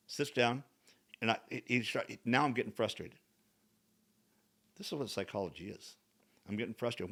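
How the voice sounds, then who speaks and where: A man's voice: mid-range voice, moderate pace, pauses often, no room sound. An older man hosting a podcast, chatting frankly and acting out other people's lines as he tells a story. His voice sits in an ordinary middle register, recorded close and dry with no room sound. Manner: animated, acts out quoted dialogue; blunt, frank wording. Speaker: podcast host. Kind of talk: casual storytelling chat.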